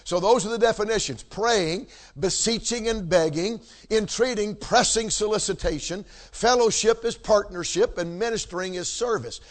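A man's voice: high voice, normal speed, hardly any pauses. A man preaching a sermon, emphatic, repeating key words and checking in with the congregation. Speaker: pastor.

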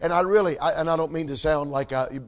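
A man's voice: on the high side, quick pace. A man preaching a sermon, emphatic, repeating key words and checking in with the congregation. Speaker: pastor.

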